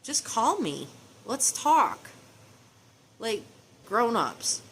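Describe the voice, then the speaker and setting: A woman's voice: a little high, very animated, extremely slow, a bit bright, a little hiss or hum. Pleading middle-aged mother. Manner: emotional, pleading, tender; preachy, quotes scripture. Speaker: mother addressing her estranged children. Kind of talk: personal video message.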